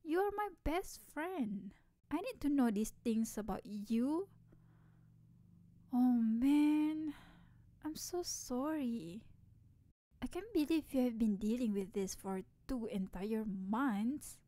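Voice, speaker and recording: A young woman voicing an energetic, teasing tomboy childhood best friend in an ASMR role-play, laughing often, recorded dry and close. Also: fairly high pitch, a little slow, dry recording. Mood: playful. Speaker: ASMR voice actress.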